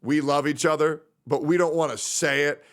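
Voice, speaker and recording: A man's voice: a little high, fairly even intonation, moderate pace. Profane, emotional male streamer. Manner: profane, rambling and openly emotional; reads out messages from friends. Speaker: livestreamer. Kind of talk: casual stream chat.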